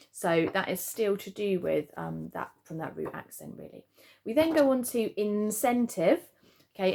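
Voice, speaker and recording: A woman's voice: fairly low pitch, vocal fry. A woman teacher giving a spelling lesson to children at home, chatty and explaining patiently with frequent "okay?" check-ins. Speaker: primary school teacher.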